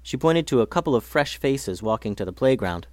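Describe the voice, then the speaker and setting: A man's voice: medium pitch, expressive, brisk, darkish tone, dry recording, clean studio sound. Man reading a children's story.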